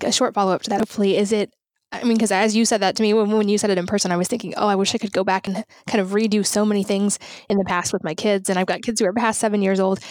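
A woman's voice: mid-range voice, darkish tone, no room sound, studio quality. A woman hosting a podcast interview, asking friendly follow-up questions. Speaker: podcast host.

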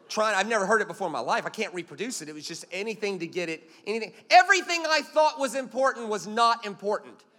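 Man, pastor, sermon, high voice, emphatic storytelling, long hall reverb. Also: sharp tone. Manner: storytelling, emphatic, punchy with jokes.

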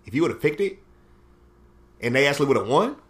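A young man hosts a casual sports podcast, his slightly high voice rising and falling a lot. He talks fast and loose, swearing and trash-talking his friends. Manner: profane, animated, trash-talking. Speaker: podcast host.

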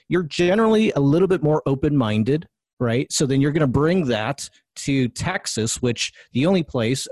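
A man's voice: mid-range voice, darkish tone, no room sound. Dry, close-miked man hosting a chat. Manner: conversational, self-correcting, asks for agreement. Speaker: podcast host. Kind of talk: casual political discussion.

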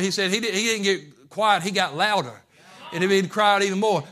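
A man pastor preaching a fervent sermon, moving from quiet asides to shouting. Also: high-pitched, moderate pace. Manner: fervent, swings from hushed to shouting.

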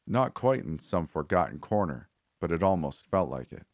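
A man giving a measured, steady scripted narration of a horror story. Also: deep voice, no room sound, studio quality.

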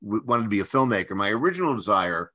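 An older man from the Philadelphia area, a guest screenwriter telling anecdotes in a halting way, with many restarts and fillers. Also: fairly low pitch, very animated, sharp tone. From Philadelphia area, USA. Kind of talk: anecdotal storytelling.

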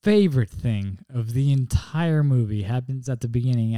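A man's voice: medium pitch, lively intonation, normal speed, warm tone, no echo. A man co-hosting a casual podcast, chatty and easygoing, with frequent filler restarts. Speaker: podcast co-host. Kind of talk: casual chat. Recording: dry close-mic sound.

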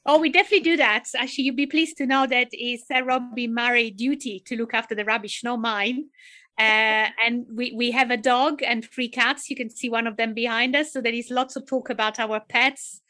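A woman's voice: on the high side, fairly even intonation, brisk, bright, forceful tone. An older woman, a psychiatrist and researcher, chatting and telling stories as an interview guest over a video call from home. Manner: chatty, storytelling, laughs easily. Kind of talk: interview conversation. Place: home, pets behind.

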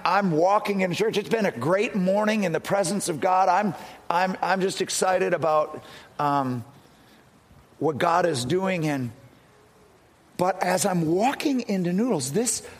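Middle-aged man, pastor, high and husky voice, earnest storytelling sermon delivery. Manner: storytelling, earnest, with frequent restarts.

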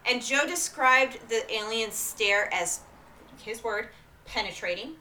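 A woman's voice: a little high, unhurried, a little hiss or hum. A woman co-hosting a podcast in casual chat, telling a story with acted-out quotes and frequent "right?" checks. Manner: animated, acts out quotes, asks "right?" often.

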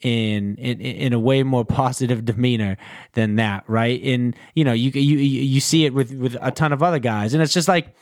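A man hosting a casual sports podcast, talking in a relaxed, rambling way with lots of fillers. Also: medium pitch, normal speed, dry recording, clean studio sound. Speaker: podcast host.

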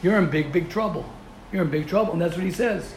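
Guy teaching a torah ethics class, kinda high voice, lots of repeating, echoey room with some faint noise. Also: fast. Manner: animated, rhetorical questions, repeats himself. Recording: roomy echo.

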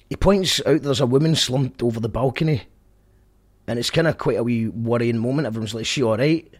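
Husky Scottish podcast host rambling. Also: male voice, mid-range voice. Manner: chatty, rambling, jokey asides. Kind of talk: casual monologue recap.

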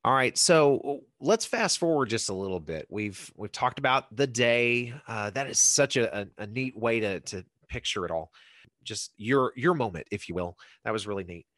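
A man of middle pitch hosts a conversation about adoption, asking questions and affirming his guest between them. His voice sounds dry and close, with no room around it. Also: expressive, normal speed, a bit bright, no echo. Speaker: podcast host. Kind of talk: interview questions.

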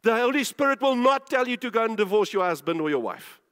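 A male preacher with a notably high voice delivers a sermon with emphasis, repeating phrases and asking the listeners questions. His words ring out with a long reverb. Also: sing-song, fast talker, fairly bright tone.

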